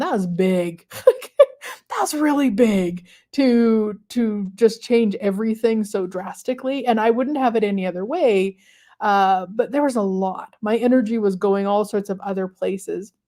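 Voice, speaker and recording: A woman hosting a live stream, talking casually and reflectively to viewers with many pauses and fillers. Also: mid-range voice, mellow. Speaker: host of a manifestation livestream.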